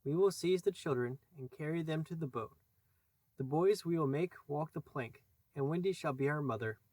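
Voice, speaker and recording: A man's voice: fairly high pitch, moderate pace, darkish tone, no echo, natural voice, poor audio. A man doing Captain Hook, a grand, brooding pirate captain. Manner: theatrical, commanding, old-fashioned oaths.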